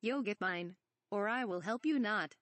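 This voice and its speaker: Brief: woman voicing a mischievous little old swamp creature, backwards phrasing, plain pitch, no room. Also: lively intonation, normal speed, fairly bright tone, no echo, natural voice. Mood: teasing. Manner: speaks with inverted word order. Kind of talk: reading a fan parody script aloud.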